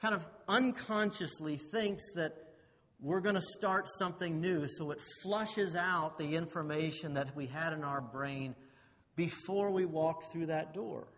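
A man preaching a sermon, swinging between loud emphasis and hushed low phrases, and asking the listeners rhetorical questions. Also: measured pace. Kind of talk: expository sermon. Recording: long hall reverb.

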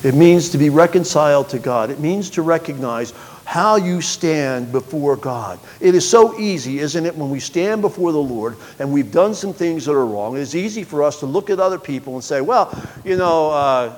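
A man preaching a sermon, reading scripture aloud with sharp swings between loud, high bursts and quiet, low passages. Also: animated, moderate pace, big-room sound. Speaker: pastor.

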